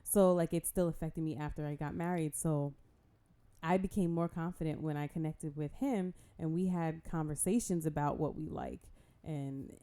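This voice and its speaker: A woman's voice: low-pitched, fairly even intonation, moderate pace, dark tone. A woman co-hosting a casual podcast, chatty and encouraging, laughing often as she talks. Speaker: podcast co-host.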